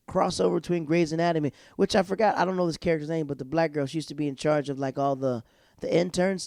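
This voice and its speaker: A male podcast host giving a casual, slangy recap of a TV episode, acting out the characters' lines in quick put-on voices. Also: on the high side, gravelly, a little mellow, no echo, studio quality. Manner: laid-back slangy talk.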